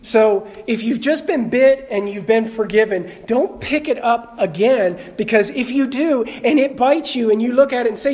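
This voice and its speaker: Conversational preacher joking with congregation. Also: male voice, high-pitched, animated, normal speed, a little mellow. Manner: conversational, calls on the congregation with questions and jokes. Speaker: pastor. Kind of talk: sermon. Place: church sanctuary.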